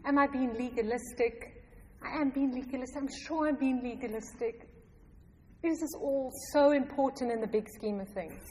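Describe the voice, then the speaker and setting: A middle-aged woman telling a personal faith story to a congregation, animated and often laughing. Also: sits high, normal speed. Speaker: church member giving testimony. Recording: long hall reverb.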